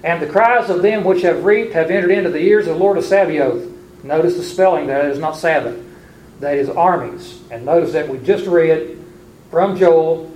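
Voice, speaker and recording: A man's voice: fairly high pitch, moderate pace, darkish tone, slight background noise. Man teaching scripture in echoey room. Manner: reads scripture aloud, stopping to explain words and spell them out. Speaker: Bible teacher. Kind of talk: Bible lesson with scripture reading.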